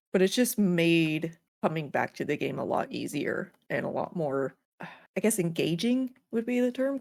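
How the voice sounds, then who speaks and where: A woman co-hosting a casual podcast chat, telling animated stories with squeaky acted-out voices, casual swearing and frequent laughs. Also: vocal fry, no room sound, clean studio sound. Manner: animated storytelling, acts out villagers in high squeals. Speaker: podcast co-host.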